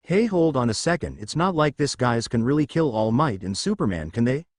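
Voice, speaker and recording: A man's voice: mid-range voice, big pitch swings, a little fast, no echo, studio quality. A man voicing a small, cheeky teen boy student who gets whiny and panicky, in a fan story reading.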